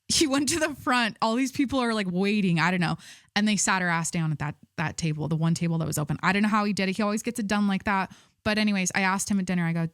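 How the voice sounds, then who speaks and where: A woman's voice: mid-range voice, fairly bright tone, no echo. Young woman host, casual rambling chat, mid-range voice, dry close recording. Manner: rambling, filler-heavy, self-interrupting. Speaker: podcast host.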